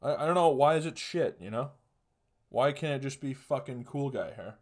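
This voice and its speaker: A man's voice: medium pitch, expressive, normal speed. A young man hosting a podcast, ranting alone with crude, profane jokes and laughing at his own punchlines. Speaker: podcast host. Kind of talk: solo comedic rant.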